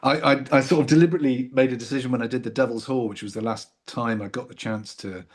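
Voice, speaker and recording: Husky middle-aged English man. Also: medium pitch, fast. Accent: received pronunciation. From Newcastle, England. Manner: relaxed, self-mocking, laughs often. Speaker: actor guest. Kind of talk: casual chat.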